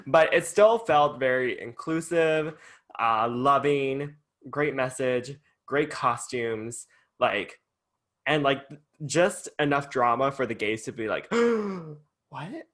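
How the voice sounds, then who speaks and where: A man's voice: mid-range voice, fairly bright tone. A man co-hosting a podcast in casual chat, chatty and enthusiastic, with many fillers. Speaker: podcast co-host.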